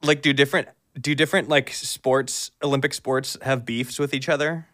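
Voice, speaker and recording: A man's voice: mid-range voice, steady tone, moderate pace, fairly bright tone. A man hosting a podcast, asking eager, curious questions in casual chat, often stammering and restarting. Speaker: podcast host.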